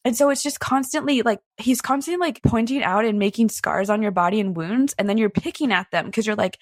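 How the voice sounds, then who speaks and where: A young woman giving a candid personal account, halting often and filling her speech with "like" and restarts. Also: mid-range voice, no room sound, studio quality. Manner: halting, frequent "like" fillers and restarts, emotional recounting. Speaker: guest recounting a personal experience.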